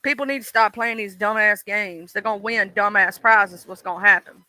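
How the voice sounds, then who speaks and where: A woman's voice: mid-range voice, fairly even intonation, moderate pace, bright, forceful tone, no echo, rough recording. A woman hosting a casual livestream, chatting bluntly about online drama and swearing freely. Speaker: livestream host.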